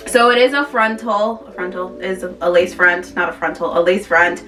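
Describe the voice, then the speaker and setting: A woman's voice: fairly low pitch, steady tone, normal speed, pushed and bright, distant mic, soft background music. A woman chatting casually to camera as a beauty vlogger, rambling with lots of fillers.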